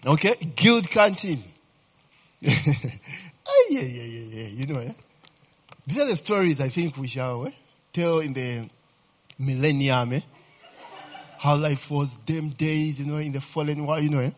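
A man's voice: on the high side, moderate pace, pauses often. A middle-aged man with a Ugandan English accent gives a rambling, joking talk to an audience. He often laughs, teases his listeners and quizzes them as he goes. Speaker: speaker addressing an audience. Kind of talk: informal talk to a crowd.

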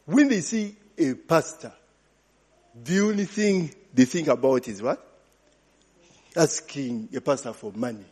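A man's voice: fairly high pitch, lively intonation, unhurried, pauses often, darkish tone, slightly rough. A man preaching a sermon as pastor, throwing questions to the congregation and answering with hallelujah and glory be to God. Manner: call-and-response, repeating hallelujah and glory be to God. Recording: long hall reverb.

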